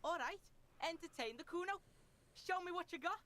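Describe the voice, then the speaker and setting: A woman's voice: very high-pitched, lively intonation, moderate pace, pushed and bright, exaggerated voice. A woman voicing a crude, taunting young street boy in a game. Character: foul-mouthed, aggressive young street boy.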